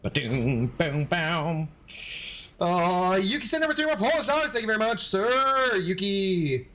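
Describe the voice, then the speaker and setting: Laid-back streamer, a man, higher voice. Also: lively intonation, normal speed, sharp tone, slight background noise. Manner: laid-back, laughs often, swears casually; thanks viewers for gifts by name. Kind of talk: casual livestream chat while gaming.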